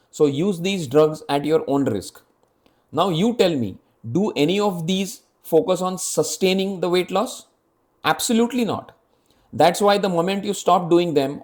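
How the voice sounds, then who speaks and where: A man's voice: sits high, lively intonation, normal speed, darkish tone. A man in his fifties presenting a scripted health explainer, speaking earnestly and directly to the viewer with rhetorical questions. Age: 50s.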